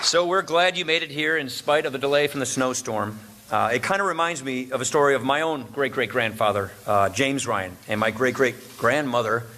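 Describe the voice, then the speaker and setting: A middle-aged man from Wisconsin giving a formal luncheon speech, and he pauses for laughs after his punchlines. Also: medium pitch, sharp tone. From Wisconsin, USA. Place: large banquet room. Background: audience laughter and room ambience.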